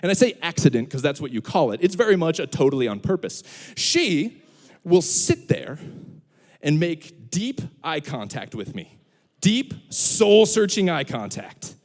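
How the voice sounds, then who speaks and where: Man, young adult, student pastor, animated storyteller, high voice, long echo of a big hall. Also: a little slow. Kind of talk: youth sermon with humor.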